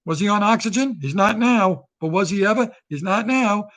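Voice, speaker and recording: A man hosting his own comic monologue, rambling and sarcastic, firing off quick jokes. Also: high-pitched, expressive, fairly bright tone. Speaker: comedian and host.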